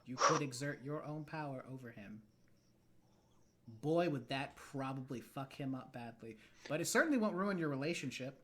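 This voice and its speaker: Game master, narrates slow with long dramatic pauses, mid-pitched voice. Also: lively intonation, fairly bright tone. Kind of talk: narrating a tabletop role-playing game.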